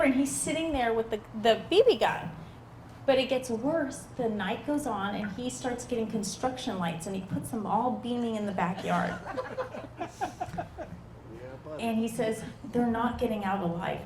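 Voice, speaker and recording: A woman's voice: on the high side, measured pace, pauses often, echoey room, very noisy. A woman doing stand-up comedy at a backyard show, telling stories and acting out the people in them with voice changes. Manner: animated, acts out quoted people with voice changes.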